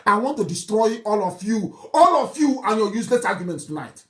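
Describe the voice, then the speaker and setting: A man's voice: sits high, very animated, a little fast, a bit bright. A middle-aged man with a Nigerian accent giving a fiery live broadcast speech, mocking and scornful, often breaking into laughter. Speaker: political broadcaster.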